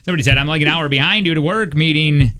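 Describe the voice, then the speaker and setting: A man's voice: fairly high pitch, racing, bright, forceful tone, slight background noise. A man hosting a radio show, joking around and reading a story aloud with asides.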